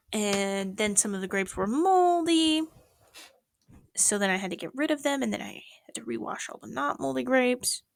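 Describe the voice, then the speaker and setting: A woman's voice: medium pitch, creaky, dry recording. Rambling young woman vlogging in a dry room. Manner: rambling, animated, swings into whispers. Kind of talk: casual vlog chat. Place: small apartment at night.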